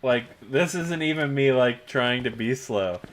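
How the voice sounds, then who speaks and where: A man streaming a horror game, chatting about his moves, laughing often and breaking into shouts when things go wrong. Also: mid-range voice, lively intonation, measured pace, a little hiss or hum. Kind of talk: live gameplay commentary.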